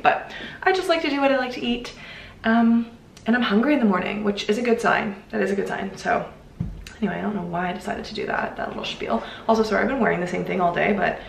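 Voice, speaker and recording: A woman's voice: medium pitch, gravelly, a little hiss or hum. Chatty woman vlogging in a roomy apartment. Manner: chatty and rambling, often trailing off into asides. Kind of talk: casual day-in-the-life vlog chat. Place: at home in her apartment. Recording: roomy home recording.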